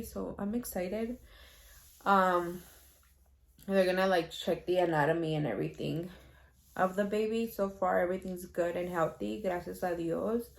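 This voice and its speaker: A young woman talks casually to her camera, chatty and quick to laugh. She tells her story in a loose, conversational way and drops Spanish phrases in here and there. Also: on the low side, creaky. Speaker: vlogger.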